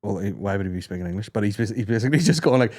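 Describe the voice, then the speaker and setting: A man's voice: fairly low pitch, animated, very fast, a little mellow, dry recording, clean studio sound. A man in his thirties hosting a comedy podcast, chatting casually, swearing and breaking into silly voices. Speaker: podcast host.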